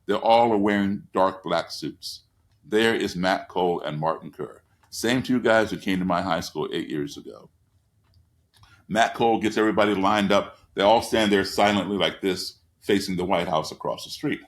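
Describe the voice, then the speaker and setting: A man in his sixties, a guest telling a story in conversation, lively and acting out the people he quotes. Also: sits low, normal speed. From United States. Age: 60s.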